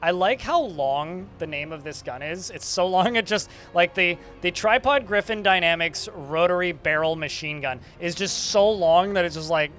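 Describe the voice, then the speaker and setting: Bright-voiced man streaming a game. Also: high-pitched, moderate pace, few pauses, faint music behind. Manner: chatty, swearing, talks to chat. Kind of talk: casual gameplay commentary.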